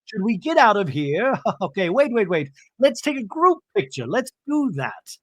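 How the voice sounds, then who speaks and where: A man doing a high, chirpy impression of a bossy, bubbly woman from a reality show who mothers everyone around her. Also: big pitch swings, moderate pace, dry recording, studio quality.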